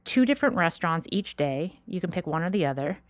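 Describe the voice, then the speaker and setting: This young woman talks in an upbeat, chatty way and laughs easily. Her pitch jumps around a lot as she tells a story. The recording is close and dry, with no room sound. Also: lively intonation, quick pace, no room sound. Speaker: podcast co-host. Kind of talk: casual chat.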